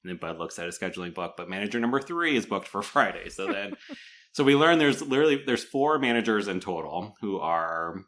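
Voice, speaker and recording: A man's voice: lowish voice, a little fast. A young man co-hosting a podcast, chatting eagerly about a film with lots of fillers. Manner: enthusiastic, animated, frequent fillers. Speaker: podcast co-host. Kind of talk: casual chat recapping a film.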